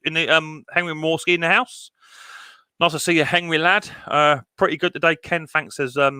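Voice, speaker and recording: A man hosts a casual live stream, reading chat messages aloud and greeting each viewer like an old mate. His voice is bright and forward. The sound is dry and close to the mic. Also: medium pitch, smooth, dry recording. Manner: chummy banter, greets viewers by name.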